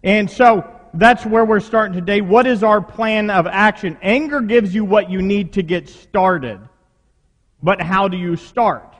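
A man's voice: sits high, unhurried. A man preaching a sermon, talking conversationally with rhetorical questions to his congregation in a church. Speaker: pastor. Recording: long reverb of a hall.

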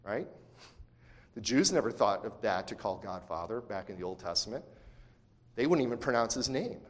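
A male pastor preaching a sermon, talking in a conversational way with asides and restarts, then swinging from quiet to loud emphasis. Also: lowish voice, expressive, normal speed. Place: church sanctuary. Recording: long church hall reverb.

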